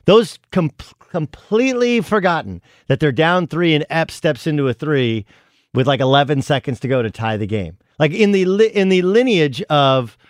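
A man's voice: on the high side, lively intonation, moderate pace, dry recording, clean studio sound. A middle-aged man co-hosting a sports radio show, chatting casually and rambling with many restarts. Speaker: guest co-host, college basketball analyst.

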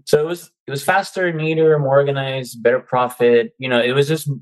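A man's voice: medium pitch, steady tone, fairly quick, poor audio. A man who is a guest coach on an interview show, speaking in casual chat and acting out his own quoted reactions. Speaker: guest, seller turned coach.

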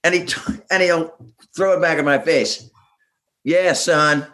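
A man's voice: on the high side, fairly even intonation, moderate pace, fairly bright tone. A man, a musician guest, telling stories in a rambling way with many restarts and chuckles. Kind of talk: casual interview storytelling.

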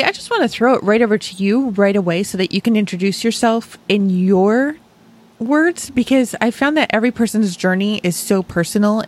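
A woman's voice: medium pitch, darkish tone. A woman hosting a podcast, welcoming her guest in an upbeat, enthusiastic way. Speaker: podcast host. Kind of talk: podcast intro and interview hosting.

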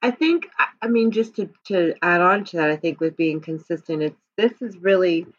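A woman's voice: lowish voice, lively intonation, moderate pace, slightly rough, dry recording, highs cut off. A woman co-hosting a weight-loss program podcast, chatting casually and rambling a little with restarts and "you know what I mean".

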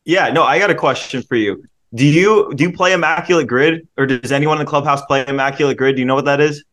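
A man's voice: fairly high pitch, fast talker, fairly bright tone. A man co-hosting a podcast, chatting casually and explaining things step by step. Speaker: podcast co-host. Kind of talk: casual chat.

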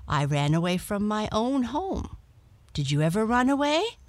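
A woman's voice: medium pitch, sing-song, moderate pace, no room sound, voice pushed up, lightly acted. A woman voicing a young female black cat who is eager, chatty and adventurous in a storybook reading.

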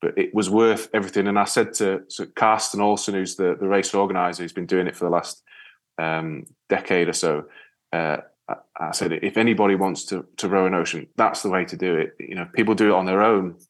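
A man with a very low voice talks slowly and thoughtfully. He pauses and restarts as he searches for words, in a relaxed interview chat. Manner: reflective, halting with restarts. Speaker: podcast guest.

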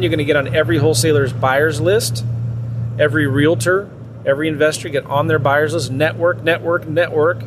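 A man giving casual real estate investing advice, talking in an animated, hustling way and acting out phone calls. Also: fairly high pitch, noisy background.

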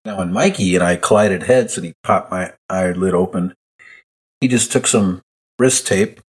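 A man's voice: low voice, moderate pace, husky. A man chatting as a podcast guest, dry and matter-of-fact. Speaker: guest, retired wrestler. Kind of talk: casual chat.

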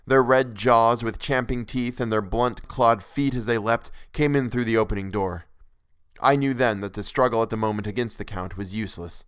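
A man's voice: medium pitch, moderate pace, fairly bright tone, clear, resonant tone, no echo. A man narrating a classic novel in the first person with earnest, dramatic delivery, recorded on a close microphone.

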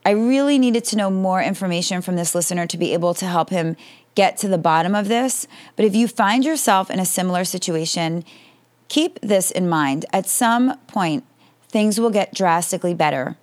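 A woman's voice: on the low side, moderate pace. A woman in her forties hosting an advice podcast, answering listener questions in a direct, reassuring way.

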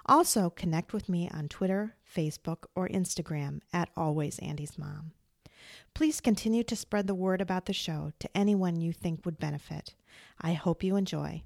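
A middle-aged woman hosting an interview podcast, introducing the episode and gently asking her guest questions. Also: fairly low pitch, moderate pace, vocal fry, dry recording, clean studio sound. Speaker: podcast host.

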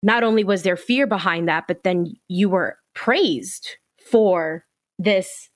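A woman hosting a podcast, in a mid-range voice, with a dry, close sound. She asks her questions in an eager, casual manner, often speeding up in quick bursts. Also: medium pitch, dry recording. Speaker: podcast host. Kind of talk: casual interview.

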